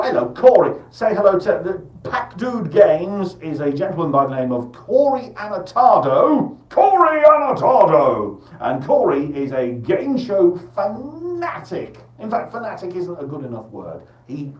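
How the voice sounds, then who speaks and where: A man's voice: medium pitch, mellow, echoey room, far from the mic, low-quality recording. A man hosting a live breakfast radio show, rambling and jokey in a casual, chatty way.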